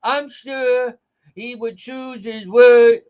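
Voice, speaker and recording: A man putting on a mocking impression of a defensive female politician, in an exaggerated higher voice. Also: fairly even intonation, drawn-out words, darkish tone, clean tone, full character voice. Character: mocked female local politician, pleading and defensive.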